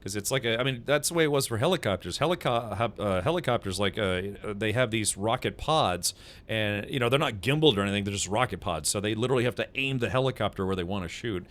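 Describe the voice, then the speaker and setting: A man's voice: on the low side, animated, fast, fairly bright tone. A man streaming a video game, chatting casually and telling a rambling story with frequent laughs. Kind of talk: casual gaming stream chat.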